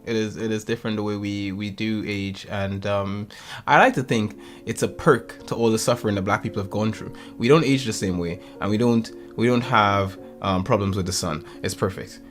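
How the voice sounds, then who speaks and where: A young man hosting a podcast, telling stories in a rambling, animated way. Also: on the low side, normal speed, faint music behind. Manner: rambling, animated storytelling with laughs. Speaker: podcast host. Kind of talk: casual chat.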